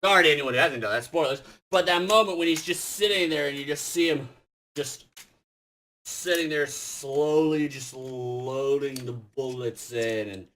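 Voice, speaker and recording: A young man telling gaming stories in a rambling way, swearing often, correcting himself, and getting loud and laughing as he gets excited. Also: mid-range voice, moderate pace, a little hiss or hum. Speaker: gaming vlogger. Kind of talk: casual storytelling.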